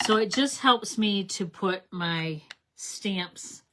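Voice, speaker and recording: A middle-aged woman hosts her channel's card-making tutorial, speaking slowly at a medium pitch with a bright, forceful tone. Chatty and enthusiastic, she walks "you guys" through every step and frequently corrects herself.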